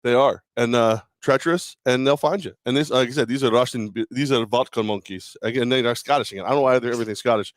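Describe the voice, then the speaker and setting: Man, sports talk co-host, hungover, rambling, laughs a lot, average pitch. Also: fast, hardly any pauses, no room sound, clean studio sound. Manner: rambling, jokey, laughs often.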